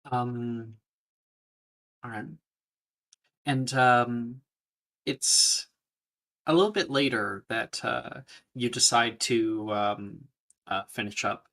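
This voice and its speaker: A man narrating a tabletop game as game master, unhurried and pausing often with fillers. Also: medium pitch, fairly even intonation, gravelly, bright, forceful tone. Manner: unhurried, with many filler pauses.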